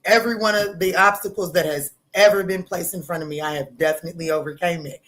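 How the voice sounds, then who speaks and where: A woman's voice: steady tone, quick pace, few pauses. Bold, profane woman tarot host. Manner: loud, bold and profane, laughing often, with sudden jumps in pitch. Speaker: tarot reader livestream host. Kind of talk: casual livestream chat.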